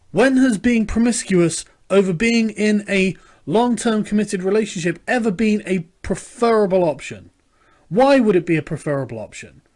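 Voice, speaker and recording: A British man with a notably high-pitched voice sets out his opinion in blunt, crude terms. He leans on rhetorical questions and swears freely as he argues. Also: darkish tone. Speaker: commentator in a quoted video. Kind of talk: opinion monologue.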